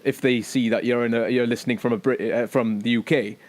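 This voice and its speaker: A man's voice: mid-range voice, steady tone, a little fast, a little mellow. A British man with a mid-range voice, co-hosting a podcast in loose, casual chat. He rambles and jokes, swearing freely as he goes. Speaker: podcast co-host.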